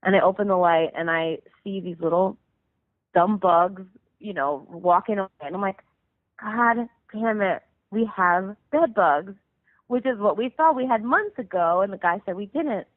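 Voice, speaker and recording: A woman's voice: mid-range voice, normal speed, dry recording. Rambling woman on a tinny phone line. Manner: rambling, filler-heavy, lots of "like". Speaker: musician guest. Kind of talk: casual storytelling over the phone. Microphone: phone call.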